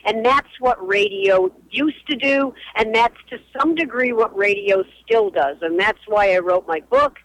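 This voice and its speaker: A woman's voice: medium pitch, a little slow, few pauses, dry recording, low-quality recording. A woman in her sixties, a radio historian and author, telling stories emphatically as a guest calling into a radio show. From Boston area, US. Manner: animated, emphatic storyteller. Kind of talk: phone interview on a radio show.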